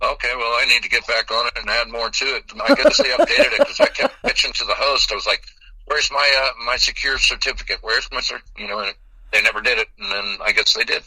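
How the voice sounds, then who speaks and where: A man from Texas in a metal band, answering interview questions in a laid-back, profane way with halting fillers. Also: medium pitch, sing-song, gravelly, pushed and bright, breathy edge, low-quality recording.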